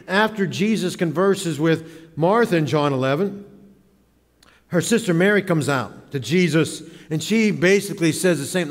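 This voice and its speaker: Man, pastor, sermon, fairly high voice, dramatic delivery, church reverb. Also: expressive, moderate pace. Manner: dramatic, acts out quoted voices. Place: church sanctuary.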